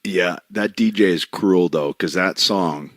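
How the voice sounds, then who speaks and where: A man hosting a podcast interview, chatty and quick to laugh. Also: sits low, a bit bright, dry recording, studio quality. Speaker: podcast host. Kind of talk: casual chat.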